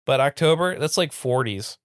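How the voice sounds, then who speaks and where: A relaxed man chatting on a podcast, his pitch lively and animated as he tells stories. The sound is dry and close on the mic. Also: moderate pace, clean tone, no room sound. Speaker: podcast co-host. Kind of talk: casual chat.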